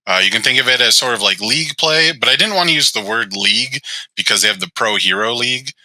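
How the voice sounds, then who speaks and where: A man in casual chat as a guest tournament organizer, explaining at a measured pace with many fillers. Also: medium pitch, bright, forceful tone, dry recording, poor audio.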